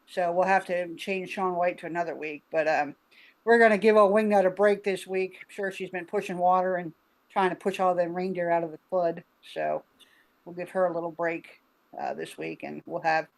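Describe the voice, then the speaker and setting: A woman from Arkansas hosting a casual group video call, chatty and laughing, talking with many fillers while sick with covid. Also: lowish voice. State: ill with covid. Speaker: host.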